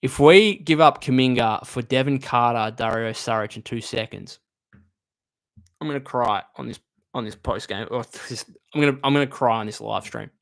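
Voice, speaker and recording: Male streamer, medium pitch, casual fan chat, heart on sleeve, lots of self-corrections. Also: normal speed, vocal fry. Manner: chatty, emotional, thinks aloud with restarts. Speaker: live stream host. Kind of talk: casual live-stream basketball talk, reading chat comments.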